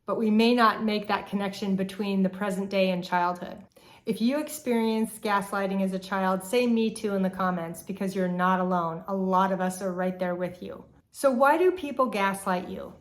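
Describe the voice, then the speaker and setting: Woman host, mid-pitched, calm explainer talking straight to camera. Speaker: relationship therapist host. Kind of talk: educational talk to camera.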